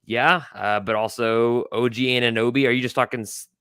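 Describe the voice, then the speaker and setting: A man's voice: mid-range voice, fairly even intonation, fairly quick, sharp tone, clear, resonant tone, dry recording, clean studio sound. A man co-hosting a casual sports podcast, giving blunt opinions and often restarting his sentences. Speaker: podcast co-host.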